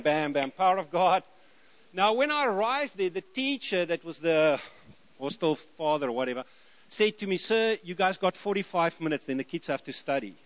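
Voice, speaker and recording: A middle-aged South African man preaching, telling lively stories and acting out the dialogue. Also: high-pitched. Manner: lively anecdotal, acts out dialogue, chuckles. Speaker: missionary preacher. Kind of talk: sermon storytelling.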